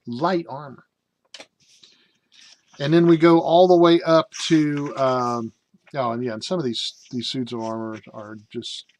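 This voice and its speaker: A man casually reviewing a game rulebook, reading passages aloud and breaking off into rambling jokey asides full of fillers. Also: medium pitch.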